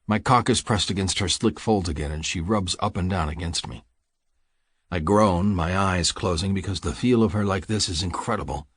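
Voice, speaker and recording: A man narrating an audiobook in the first person, reading in a low, intimate, measured way. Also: slightly rough, no room sound.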